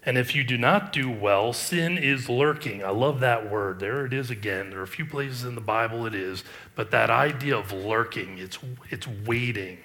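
At normal speed and with few pauses, a middle-aged male pastor preaches in a medium-pitched voice. He reads from scripture and comments on it, mixing emphatic rises with quiet asides.

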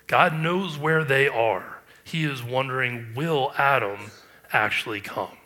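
A man's voice: mid-range voice, takes it slowly, pushed and bright. A man preaching a sermon, earnest and emphatic, with rhetorical questions. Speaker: pastor.

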